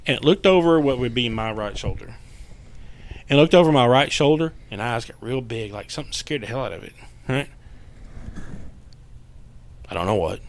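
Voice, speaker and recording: A man's voice: medium pitch, normal speed, long pauses, slight background noise. A man telling a spooky tale, drawl. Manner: animated, profane storyteller, acts out quotes. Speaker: guest paranormal investigator. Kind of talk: casual storytelling chat.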